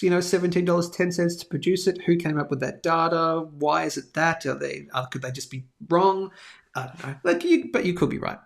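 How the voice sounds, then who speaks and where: A chatty man hosting a live stream, with a gravelly, slightly raised voice. He rambles through asides and fillers as he reads viewer comments. The delivery is loose and informal. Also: on the high side. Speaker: host of a live precious metals show. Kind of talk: casual live-stream chat and product plug.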